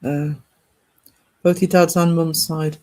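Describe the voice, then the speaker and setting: A man's voice: on the high side, flat delivery, takes it slowly, dark tone. A man from Northeast England with an English accent, chatting casually with viewers on a live art stream in a rambling way. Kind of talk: casual chat while streaming.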